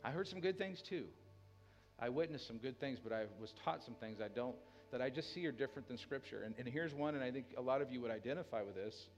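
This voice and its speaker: Man, pastor, sermon, dynamic delivery, hushed to loud, faint music behind. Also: mid-range voice, animated, quick pace. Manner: dynamic, dropping to a hushed tender voice then rising loud.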